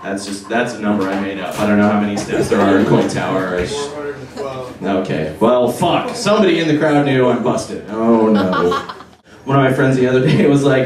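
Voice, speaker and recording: A young man doing a stand-up set at a bar, talking deadpan and halting with lots of fillers, on a handheld mic with the crowd laughing. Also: lowish voice. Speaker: stand-up comedian. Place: bar with a live audience. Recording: echoey bar room from far off. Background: audience laughter.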